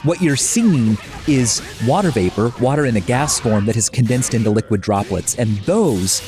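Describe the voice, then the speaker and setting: Male co-host, lively pitch, pedantic science explainer, casual chat. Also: moderate pace, over music. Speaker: podcast co-host.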